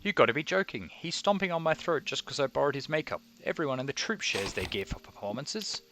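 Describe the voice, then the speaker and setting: A man voicing a brash, quick-tempered young female circus performer, read aloud over a game. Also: fairly high pitch, very animated, noisy background, voice pushed up. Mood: indignant. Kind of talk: reading game dialogue aloud.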